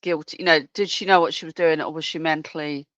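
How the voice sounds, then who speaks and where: A co-host in casual chat, explaining calmly and sometimes searching for words. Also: mid-range voice, fast talker, dry recording. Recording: dull, dry sound.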